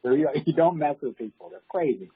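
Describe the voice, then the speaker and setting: A husky-voiced man talks about real estate work in a relaxed interview. He tells his stories with animation and acts out the people in them. The recording sounds dull and lo-fi. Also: fairly high pitch, fairly quick. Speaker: real estate agent guest. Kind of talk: casual interview storytelling. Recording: dull lo-fi audio.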